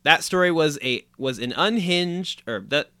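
A man's voice: fairly high pitch, animated, measured pace, sharp tone, clean tone, no room sound, studio quality. A man co-hosting a podcast in casual chat, reading listener emails aloud and laughing often.

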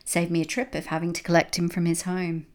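A woman's voice: fairly low pitch, little pitch movement, fast talker, lightly acted. A woman reading a storybook aloud and voicing a sly, mocking male villain who taunts in a sing-song way. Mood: gloating.

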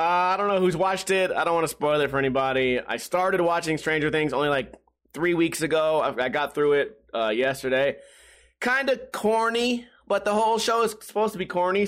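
A young man with a high-pitched voice riffs through casual commentary. He rambles, jokes and drifts into tangents while reading news aloud. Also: a bit bright. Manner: rambling, joking, often laughing. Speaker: host.

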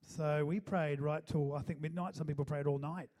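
A male pastor speaking to his congregation in a church, moving between a loose, chatty sermon and prayer. His voice sits slightly high for a man but sounds dark and mellow. He keeps checking in with the room with a questioning "amen?". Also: fairly even intonation, moderate pace. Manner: conversational preaching, frequent calls of "amen?", fillers and restarts.

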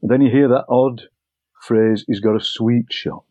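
An older man, a poet, telling anecdotes in a relaxed interview and acting out overheard phrases. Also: medium pitch, a little slow, dry recording, dull audio. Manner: chatty, anecdotal, acts out overheard lines. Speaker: poet and broadcaster, interview guest. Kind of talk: relaxed storytelling conversation.

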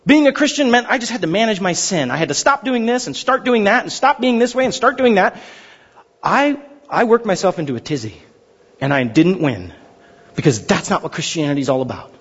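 A man preaching a sermon, animated and storytelling, sometimes acting out characters. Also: high voice, brisk, breathy edge. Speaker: pastor. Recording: dull sound in a reverberant hall.

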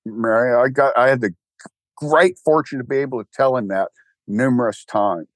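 A man's voice: medium pitch, moderate pace, no echo. An older man with a Texan accent, rambling wryly in a casual interview chat, full of restarts and fillers. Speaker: guest, church co-founder.

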